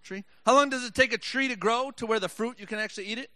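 A high, bright-toned male preacher delivering a sermon with a dry, close sound. He reads verses in a slow, deliberate way, makes joking asides to his listeners, and builds to passionate, raised exhortation. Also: no echo. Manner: reads scripture slowly, then builds to impassioned shouting.

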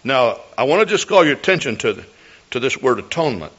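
Older male pastor, lively storytelling sermon. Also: medium pitch, fast, slightly rough. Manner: storytelling, folksy, repeats words and restarts. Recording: dull lo-fi recording.

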